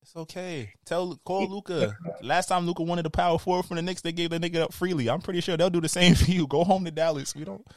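A man with a New York accent, co-hosting a podcast with animated, profane ranting in casual banter. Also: high voice, fast talker, few pauses, dry recording. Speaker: podcast co-host.

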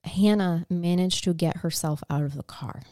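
A woman's voice: lowish voice, normal speed, dark tone, no echo, clean studio sound. A woman co-hosting a podcast, recounting a true crime case in an earnest, conversational way. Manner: earnest, conversational, emotionally moved. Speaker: podcast co-host.

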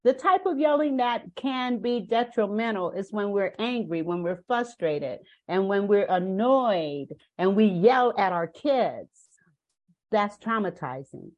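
A woman's voice: medium pitch, expressive, a little slow, darkish tone, dull audio. An older woman talks as a guest on a parenting podcast. She tells her stories in an earnest, emphatic way and stresses her points with care. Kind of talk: podcast interview.

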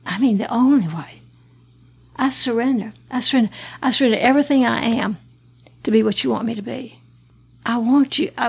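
A slightly high, creaky voice with a breathy edge belongs to this Alabama woman in her 80s, a guest giving her testimony. Earnest in telling her life story, she laughs and restarts along the way.

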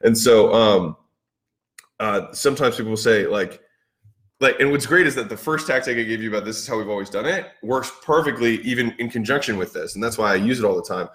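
A podcast host with a lowish, slightly bright voice speaks briskly in an echoey room, casually telling sales stories. He rambles with plenty of fillers and restarts, acting out both sides of past conversations in this relaxed business talk.

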